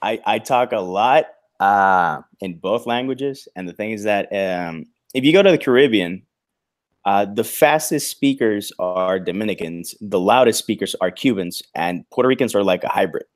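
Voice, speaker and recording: A bilingual man in a casual video-call chat, with a voice set slightly low. He talks loudly and in animated bursts, restarting his sentences and chuckling as he goes. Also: normal speed. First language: bilingual in English and Spanish. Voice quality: naturally loud voice. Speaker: guest author.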